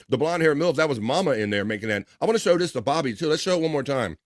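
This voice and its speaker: A man's voice: medium pitch, expressive, very fast, no echo, clean studio sound. A man hosting a casual live stream, rambling, laughing often and restarting his sentences. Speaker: livestream host.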